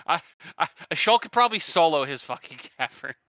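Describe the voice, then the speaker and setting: Player, male, bright smooth voice, wry jokes, lo-fi mic. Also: a little high, sing-song, a little fast, no echo. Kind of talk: casual tabletop game chat.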